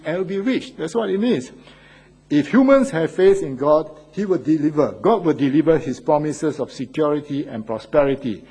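Emphatic husky-voiced male preacher. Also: on the high side, mellow, poor audio. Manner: emphatic, repeats key phrases with rising questions to the congregation. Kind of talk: sermon.

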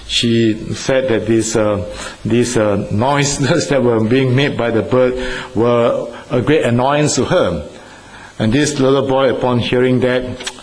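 A man's voice: medium pitch, poor audio. A man preaching a sermon in an earnest way, repeating phrases for emphasis and putting questions to his listeners.

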